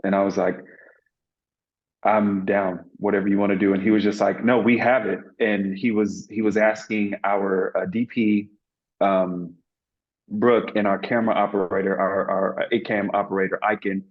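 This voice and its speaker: A man's voice: fairly low pitch, little pitch movement, moderate pace, lo-fi sound. A man being interviewed as an actor, telling a story in an earnest, reflective way with many fillers and restarts.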